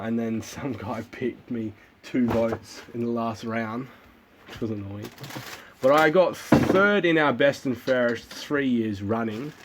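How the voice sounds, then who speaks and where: A man's voice: mid-range voice, noisy background. A man with an Australian accent hosting a livestream, telling stories in a rambling, casual way with repeated words and free swearing. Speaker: livestream host. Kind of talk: casual chat and joke telling.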